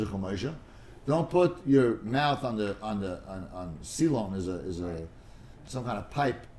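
A man's voice: medium pitch, a little mellow, a little hiss or hum. A man teaching a casual study class, rambling and digressive, stumbling over repeated words and mixing in Hebrew and Aramaic terms.

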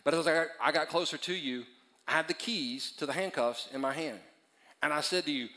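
A male pastor preaching in a church auditorium, with a fairly high, bright, forceful voice. He drives points home by repeating them and drops to a near-hush before building back up. A long hall reverb trails every phrase. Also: lively intonation, moderate pace. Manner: emphatic repetition, swings between loud and hushed. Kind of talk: sermon.

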